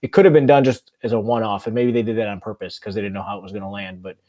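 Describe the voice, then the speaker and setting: Mellow-voiced man, rambling enthusiast. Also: lowish voice, steady tone, rapid-fire. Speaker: podcast co-host. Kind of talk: casual podcast chat.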